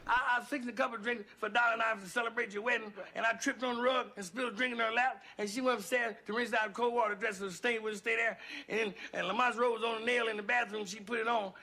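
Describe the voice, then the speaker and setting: An actor playing a flustered man in a sitcom, rushing through a rambling excuse in a high, fast voice. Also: steady tone, pushed and bright, exaggerated voice. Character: flustered man excusing himself with a long story. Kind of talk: sitcom acting.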